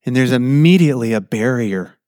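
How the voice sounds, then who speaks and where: A man preaching a sermon in a conversational way, his pitch jumping up for emphasis. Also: animated, fairly quick, a little mellow, dry recording, clean studio sound. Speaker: pastor.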